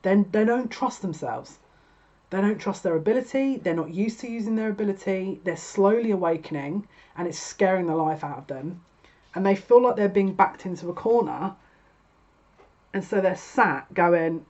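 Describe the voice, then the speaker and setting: A woman's voice: mid-range voice, lively intonation, normal speed, darkish tone, dull audio. A woman giving a tarot card reading, chatty and exasperated, with laughing asides. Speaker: tarot reader.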